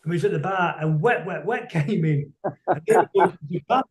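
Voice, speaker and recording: Middle-aged bloke telling stories on a video call, a bit high, echoey room. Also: male voice. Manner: rambling, anecdotal, quick to laugh. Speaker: musician guest. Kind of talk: casual storytelling interview.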